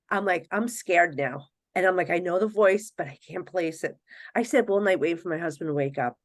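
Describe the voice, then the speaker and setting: A middle-aged woman, a psychic medium guest on a podcast, telling stories in a casual, animated way, often acting out other people's voices and laughing. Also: lowish voice, no room sound. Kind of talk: casual storytelling in a podcast interview.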